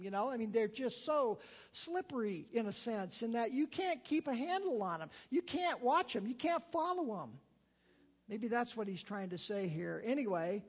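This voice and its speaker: A man's voice: very high-pitched, slightly rough. A man preaching a sermon, talking casually with fillers and asides between readings of scripture. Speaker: pastor.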